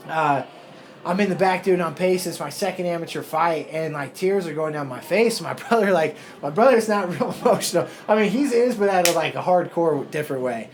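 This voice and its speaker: A man's voice: fairly high pitch, lively intonation, a little fast. A fighter in his thirties, talking in a rambling, emotional, profane way in a casual podcast interview. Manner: rambling, emotional, swears a lot. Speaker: fighter guest.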